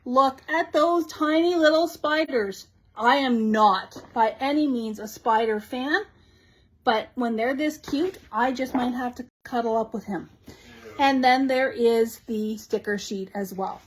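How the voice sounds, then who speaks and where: Bubbly, high-voiced woman host. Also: rough recording. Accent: Canadian English. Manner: bubbly and gushing, quick asides to viewers. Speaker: shop host showing new craft products. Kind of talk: live product showcase chat.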